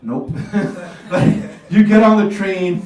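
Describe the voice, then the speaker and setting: A man's voice: high voice, takes it slowly, darkish tone. A man doing a stand-up comedy set in a small café club, telling loose stories, acting out dialogue and laughing at his own jokes. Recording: echoey café recorded from far off.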